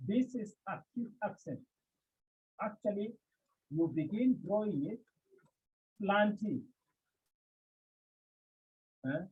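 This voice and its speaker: A man teaching a class, speaking slowly and repeating key terms as he explains step by step. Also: high-pitched, darkish tone, slightly rough, muffled recording. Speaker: Greek teacher. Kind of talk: classroom lesson.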